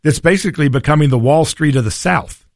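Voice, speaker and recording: A man's voice: a little high, brisk, creaky, dry recording, studio quality. A man hosting a political talk radio show, folksy and combative in his delivery. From Tennessee.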